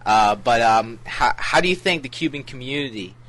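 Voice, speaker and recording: A man's voice: mid-range voice, lively intonation, normal speed, a bit bright, low-quality recording. A man co-hosting a casual podcast chat, asking questions and making teasing asides. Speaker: podcast co-host.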